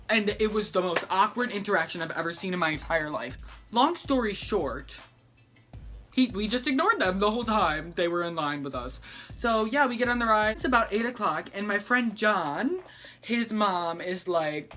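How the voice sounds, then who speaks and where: Sassy, bright-voiced young man telling a story. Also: high voice, expressive, normal speed, faint music behind. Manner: sassy, dramatic, acts out the people in the story. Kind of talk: casual storytime vlog.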